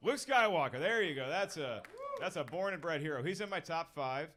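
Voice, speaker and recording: High-voiced male stand-up comic. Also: lively intonation, brisk, bright, forceful tone. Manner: punchy and conversational, doing crowd work. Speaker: stand-up comedian. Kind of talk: stand-up comedy set. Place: comedy club stage. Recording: noisy live club recording.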